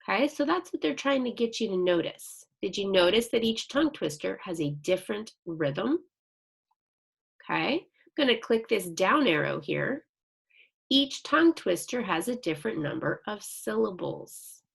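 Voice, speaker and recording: A woman teaching young children in a recorded online lesson, speaking slowly, patiently and encouragingly as she reads sentences aloud with care. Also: mid-range voice, very animated, gravelly, slightly rough. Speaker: second grade teacher.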